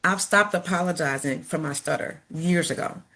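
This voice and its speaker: A woman who stutters, with repeated sounds and words, gives a reflective and earnest motivational talk and sometimes slows down to be deliberate. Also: on the low side, pushed and bright. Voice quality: stutters, with sound and word repetitions. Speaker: school principal and speaker.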